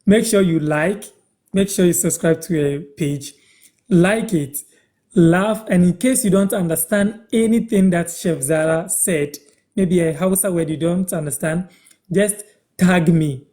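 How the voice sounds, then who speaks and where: A man's voice: sits high, mellow. Ghanaian man teaching words on a live stream. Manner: repeats phrases slowly for learners. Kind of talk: casual live-stream language lesson.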